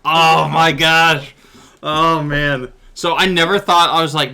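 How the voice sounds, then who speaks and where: A man's voice: fairly high pitch, unhurried, sharp tone. A man running a streamed tabletop game as game master, chatting animatedly with his players and viewers and breaking into vocal sound effects.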